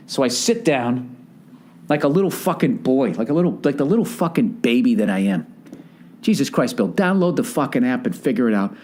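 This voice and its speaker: A man's voice: medium pitch, expressive, brisk, darkish tone. A man in his forties hosting a podcast, telling a rambling, profane comedic story and acting out the voices of the people in it. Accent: Boston. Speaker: podcast host. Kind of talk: casual comedic monologue.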